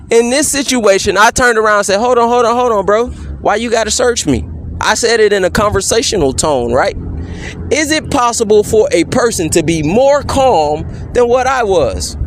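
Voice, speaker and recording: A man cross-examining a police officer, firing off measured, insistent leading questions and tagging many with "correct?". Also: high voice, a little hiss or hum. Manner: pointed leading questions, repeatedly asking "correct?". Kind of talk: courtroom-style cross-examination.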